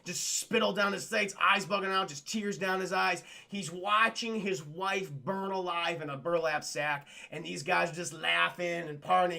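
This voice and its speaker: A man's voice: high-pitched, vocal fry, bright, forceful tone. A young man livestreaming a casual spoiler recap of a film, rambling and swearing as he keeps talking to his chat.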